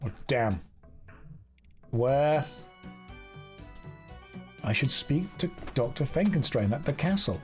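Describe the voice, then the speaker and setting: A man's voice: mid-range voice, lively intonation, slow pace, pauses often, darkish tone, soft background music. A man streaming a video game, chatting casually and joking at his own expense. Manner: chatty, self-mocking, jokey. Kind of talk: casual live-stream commentary.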